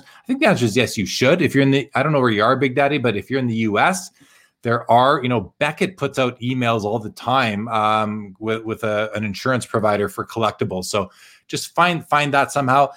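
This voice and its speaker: Male live-show host, tired and hoarse, middle pitch, casual and halting as he reads comments aloud. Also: a bit bright. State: tired, losing his voice. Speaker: podcast host. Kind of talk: casual live-stream chat reading viewer comments.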